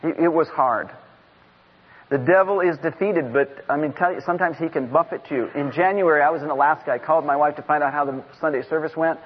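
A middle-aged man giving an impassioned sermon as a guest preacher in a church, at times rising to shouts. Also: on the high side, fairly quick. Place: church sanctuary. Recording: dull lo-fi sound in a reverberant hall.

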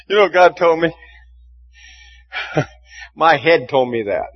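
Husky preacher man telling a story. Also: fairly high pitch, lively intonation, slow pace, long pauses, dull audio, soft background music. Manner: storytelling, chuckling, repeating words when starting sentences. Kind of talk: sermon.

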